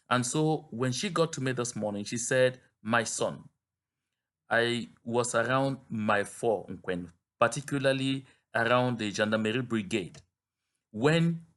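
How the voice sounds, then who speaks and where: Man, activist commentator, slow, earnest, solemn address. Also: medium pitch. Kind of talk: direct-to-camera address.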